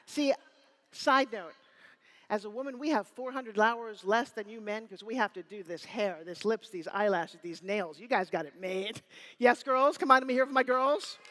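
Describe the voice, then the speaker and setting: A woman in her fifties giving a live motivational keynote on stage, energetic and teasing, rallying the crowd with call-and-response. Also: fairly high pitch, normal speed. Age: 50s. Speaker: motivational speaker. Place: stage before a live audience in a hall. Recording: room reverb.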